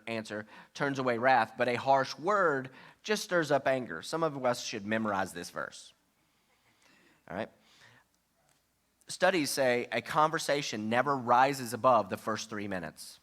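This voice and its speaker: A man's voice: medium pitch, fairly bright tone. A man pastor delivering a sermon in a conversational way, often checking in with the congregation and acting out example quotes. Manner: acts out sample quotes in shifting voices.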